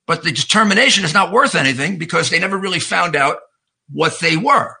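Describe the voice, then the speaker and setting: A man who was once a prosecutor and a mayor, speaking earnestly and with emphasis. His voice is gravelly and husky, with a very bright, sharp edge. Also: on the high side, lively intonation, brisk, low-quality recording. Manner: earnest and emphatic, with some restarts. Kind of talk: interview answer.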